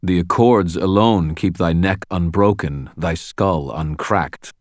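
Man doing giant fae gruff, archaic, growling, formal, very deep, dry. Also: slow pace, dry recording. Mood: menacing formal.

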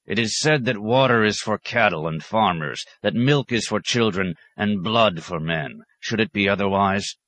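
A man voicing a proud, gruff nomad clan chief who speaks bluntly. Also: normal speed, few pauses, fairly bright tone, no room sound. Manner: rumbling, blunt.

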